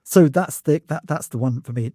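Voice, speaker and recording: A man's voice: a little high, moderate pace, mellow, no room sound, studio quality. A man co-hosting a university podcast, thinking aloud in casual academic chat with many restarts. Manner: thoughtful, hesitant, many restarts. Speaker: podcast co-host.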